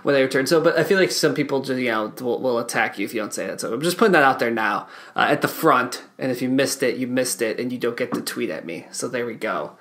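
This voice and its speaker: A man's voice: medium pitch, quick pace, few pauses, a bit bright. A man hosting a podcast, asking loose, rambling questions full of fillers. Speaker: podcast host. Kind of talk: casual chat.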